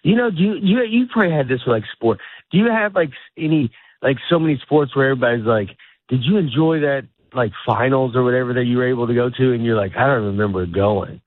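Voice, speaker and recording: Animated and quick, a middle-aged comedian's mid-range voice carries a rambling casual chat where he's the guest. He keeps interrupting himself with laughter, and the phone-like audio is dry, with no echo.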